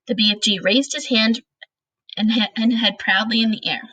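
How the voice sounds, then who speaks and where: A woman with a bright, slightly high voice reads a children's story aloud. Her tone is breathy and a little airy, and her narration stays steady and expressive. The recording is dry and close. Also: moderate pace, no room sound, poor audio. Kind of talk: reading a children's book aloud.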